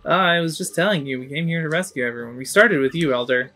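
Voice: mid-range voice, fast talker, sharp tone, soft background music. A game streamer voicing an earnest, eager young tiny creature who pleads and protests.

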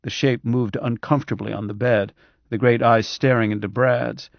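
A man reading an audiobook in a measured, even way, with a gravelly, creaky voice. The sound is dry, from a studio booth, and slightly dull. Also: medium pitch, no room sound. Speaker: audiobook narrator. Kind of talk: scripted narration.

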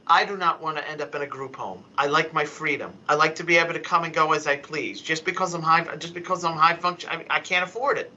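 A man giving emotional, halting testimony at a council hearing, stumbling and restarting as he pleads his case over a remote call. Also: on the high side, sharp tone, lo-fi sound. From Philadelphia, US. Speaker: public commenter at a council hearing. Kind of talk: impassioned unscripted testimony.

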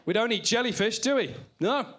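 A man with an English accent does live stand-up in a small club, speaking fairly quickly in a high, expressive voice; the recording is very noisy. He's playful and silly, slipping into goofy character voices, and audience laughter fills the background of this live club recording.

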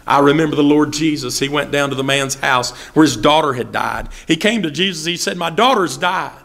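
A man's voice: a little high, fairly quick, creaky, fairly bright tone. A man preaching a sermon as pastor, asking repeated rhetorical questions and acting out the voices of people he quotes. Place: church sanctuary.

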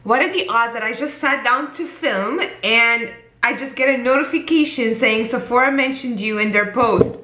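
A woman beauty vlogger talking casually to the camera, gushing and excitable, often repeating herself. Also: a little high, moderate pace, reverberant.

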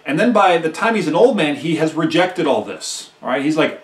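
A man's voice: on the high side, expressive, normal speed, roomy sound, far from the mic. A male history teacher giving a conversational recorded lecture, who often checks in with "right?" and acts out quotes emphatically.

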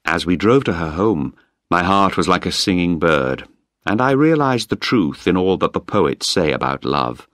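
A man reads a story aloud in a deep voice that rises and falls expressively. He is close to the mic in a dry, dead-quiet space, clear and measured for learners. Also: lively intonation, no room sound. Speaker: narrator. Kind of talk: graded reader audiobook.

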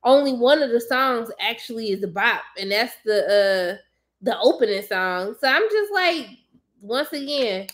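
A young woman with a high, bright voice talks straight to her viewers in a casual, blunt rant. She is sassy and emphatic, with a fired-up edge to her delivery. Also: a little slow. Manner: blunt, animated, sassy ranting. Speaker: movie commentator.

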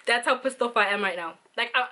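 A woman's voice: fairly high pitch, fast, pushed and bright. A young South African woman vlogging, ranting in an exasperated way with lots of fillers. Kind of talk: venting vlog monologue.

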